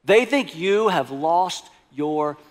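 A preacher acting out a sulking, resentful older son. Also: male voice, on the high side, expressive, slow. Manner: indignant, pleading complaints. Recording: long hall reverb.

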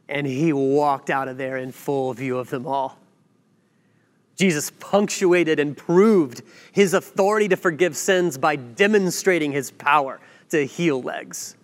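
A man preaching a sermon, telling a story with lively acted-out quotes and asides. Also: fairly high pitch. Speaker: pastor. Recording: long hall reverb.

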